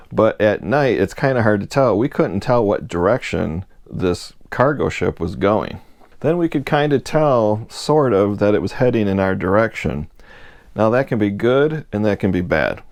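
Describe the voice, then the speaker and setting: A man from Michigan telling a personal story in a relaxed, self-deprecating way, chuckling at himself now and then. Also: fairly low pitch, gravelly, no room sound, clean studio sound.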